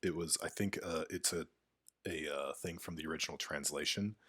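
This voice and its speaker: A man's voice: a bass voice, a little fast, bright, forceful tone, husky. A man giving casual game commentary, hesitant and full of ums. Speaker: let's play commentator.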